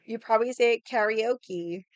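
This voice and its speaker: Young woman, casual stream chat, chatty and animated, smooth voice, dry close sound. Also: on the high side, unhurried, no room sound, dull audio. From United States. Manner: chatty and animated, laughs often, swears casually. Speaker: livestream host.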